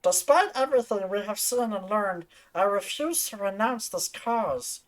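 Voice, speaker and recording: A man putting on a squeaky, nasal, comedic gremlin voice while reading a game warrior's lines. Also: animated, a little slow. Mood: goofy.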